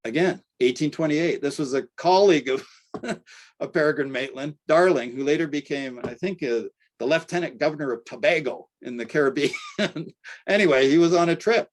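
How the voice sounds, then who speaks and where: An older man giving an academic lecture in a conversational way, often checking in with "right?" and pausing on fillers. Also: on the high side. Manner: conversational, tags points with "right?", frequent fillers. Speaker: archaeology lecturer.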